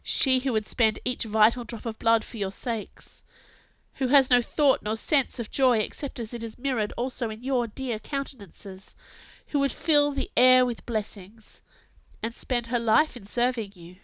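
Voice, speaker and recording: Smooth-voiced woman reading a gothic tale. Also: on the high side, a little slow, no echo. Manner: anguished, intense, theatrical narration with sudden hushes. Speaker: narrator. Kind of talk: dramatic audiobook reading. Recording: slightly dull, dry recording.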